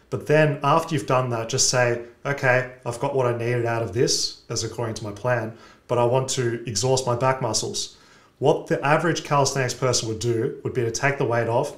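A male host explaining training methods in a measured, methodical way. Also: medium pitch. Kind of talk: instructional explanation. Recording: roomy echo.

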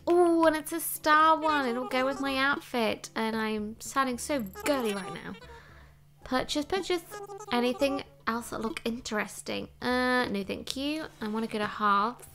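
A woman chatting playfully while she plays a game and thinks out loud, with game music behind. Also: a little high, vocal fry. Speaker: let's play host. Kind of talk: casual gameplay commentary.

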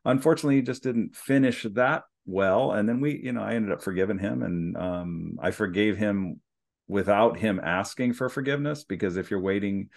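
A man who is a guest on a podcast, speaking in a measured, reflective way with some restarts. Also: lowish voice, creaky. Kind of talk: reflective conversation.

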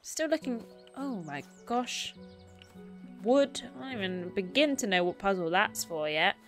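A woman's voice: mid-range voice, expressive, a little slow, faint music behind. A woman streaming a game, chatting casually, self-mocking and reading game text aloud. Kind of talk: casual gameplay commentary.

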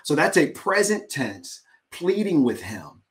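A man pastor preaching with animated, dramatic energy, his voice sitting fairly high. He thinks aloud, restarting phrases as he drives his points home. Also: a little slow. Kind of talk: sermon in dialogue with co-pastor.

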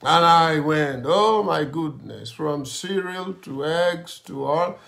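A male pastor preaching a sermon and telling a personal testimony in a slow, dramatic storytelling manner. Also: fairly high pitch, gravelly, a bit bright. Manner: slow, dramatic storytelling with grumbling asides and laughs.

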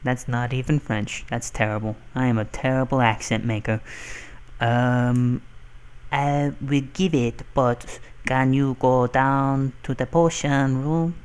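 A man's voice: medium pitch, level tone, unhurried, clear, resonant tone, close to an everyday voice. A man voicing a male Christmas elf who hands out quests, in a bungled foreign accent and a mock-formal reading tone. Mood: bargaining.

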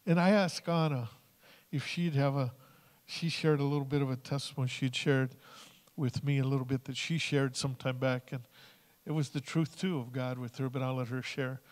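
This man's steady, mid-range voice moves at a moderate pace as he delivers a storytelling sermon. Speaking earnestly in a church sanctuary, he retells phone calls and what others said to him, and long hall reverb trails his words.

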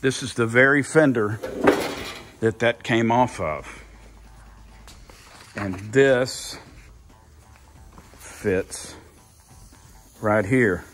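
A man's voice: mid-range voice, very slow, pauses often, fairly bright tone. An older man thinking aloud in a casual workshop vlog, rambling and repeating himself as he works. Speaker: car builder, channel host.

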